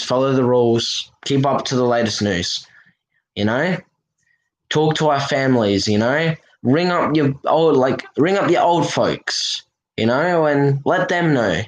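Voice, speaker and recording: A man's voice: a little high, poor audio. A man hosting a casual livestream, talking earnestly and reassuringly to his viewers with lots of "you know" fillers. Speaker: livestream host.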